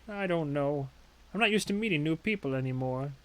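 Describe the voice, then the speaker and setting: A man voicing a shy, gentle old man, speaking slowly, softly and hesitantly. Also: on the high side, expressive. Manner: slow, soft and hesitant.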